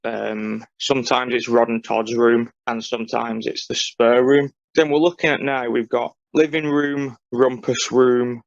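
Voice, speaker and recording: A man's voice: mid-range voice, level tone, measured pace, gravelly, few pauses, dry recording, muffled recording. A man co-hosting a podcast, explaining in a dry, matter-of-fact casual chat. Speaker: podcast co-host.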